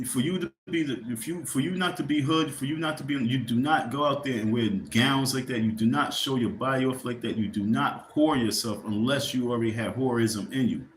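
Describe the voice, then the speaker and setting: A man in the middle of a rambling, profane livestream rant, his voice at an ordinary mid pitch. He turns to his viewers now and then and asks them for likes. The room around him adds a clear echo, with a faint hiss underneath. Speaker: livestream host. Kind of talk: casual ranting commentary.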